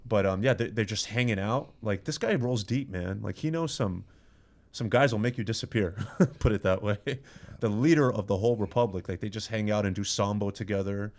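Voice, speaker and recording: A man with a somewhat low voice chats casually as a podcast guest. He tells lively, animated stories, laughs often and restarts his phrases on the fly. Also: a little fast. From Iran. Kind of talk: casual chat.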